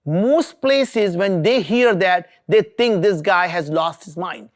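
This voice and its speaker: A man's voice: sits high, slow pace. A middle-aged man from India, giving an earnest, emphatic motivational talk as an entrepreneur. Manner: earnest, emphatic, repeats for stress. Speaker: entrepreneur speaker.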